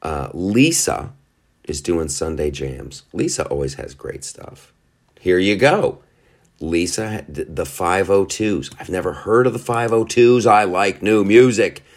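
A man hosting a podcast, rambling through casual commentary, often laughing at his own jokes. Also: sits low. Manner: quick asides and restarts, animated. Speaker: podcast host.

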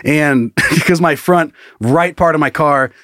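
Podcast man, raised-pitch voice, dry close mic, swearing storyteller who does voices of others. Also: a little slow, fairly bright tone, dry recording. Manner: profane storytelling with high-pitched impressions of others. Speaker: podcast co-host. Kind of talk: casual podcast chat.

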